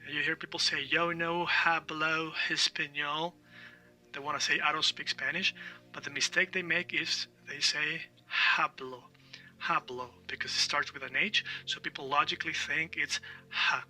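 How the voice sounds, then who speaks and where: A man teaches in a very bright, ringing voice that sits a little high for a man. He repeats words slowly to model their sound and keeps asking "all right?". He is set back from the mic, with faint music underneath. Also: far from the mic, poor audio. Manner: checks in often with "all right?". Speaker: language teacher. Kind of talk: online language lesson.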